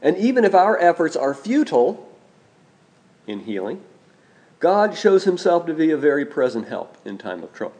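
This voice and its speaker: A man delivers a sermon from the pulpit in a slightly higher than usual voice. He speaks in a measured way and slows down to repeat key phrases for emphasis. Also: big pitch swings, a little mellow. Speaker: preacher.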